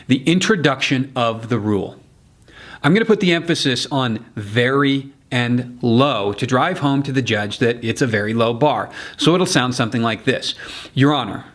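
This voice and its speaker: Male trial-skills coach, mid-pitched voice, laid-back teaching tone with deliberate courtroom emphasis. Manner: casual, blunt asides. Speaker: legal communication coach. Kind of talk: instructional explainer.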